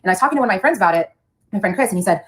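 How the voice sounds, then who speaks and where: Fast-talking woman telling a story. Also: mid-range voice, poor audio. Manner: fast, animated, chatty retelling. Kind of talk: personal storytime monologue.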